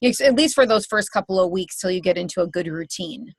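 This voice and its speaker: A woman's voice: fairly low pitch, lively intonation, fairly quick, no room sound. A woman hosting an interview, supportive and often murmuring agreement. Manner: supportive, frequent backchannel agreement. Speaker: host.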